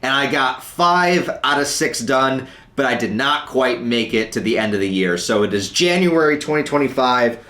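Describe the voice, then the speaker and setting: A man with a raspy, hoarse voice from being sick talks casually from his couch, often pausing and hesitating as he rambles. His voice sits in the middle of the male range. The sound is roomy, with a noticeable echo. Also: medium pitch, animated, bright, forceful tone. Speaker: book reviewer. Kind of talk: casual video review. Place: at home on a couch.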